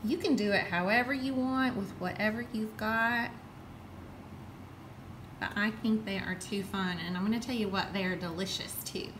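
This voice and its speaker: A woman hosting a children's program and reading a rhyming picture book aloud with an expressive, rhythmic delivery. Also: mid-range voice, normal speed, slight background noise. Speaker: children's storyteller host.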